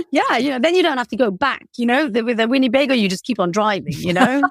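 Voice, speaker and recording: A woman's voice: a little high, lively intonation, a little fast, no echo, clean studio sound. A woman in her forties with a British accent, chatting casually as a podcast guest, self-deprecating and full of fillers. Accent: British English. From England. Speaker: guest, cake business founder.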